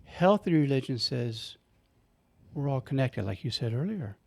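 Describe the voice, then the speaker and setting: A man's voice: mid-range voice, sing-song, normal speed, gravelly, a little mellow. A man hosting a radio talk show, speaking earnestly and with emphasis about faith.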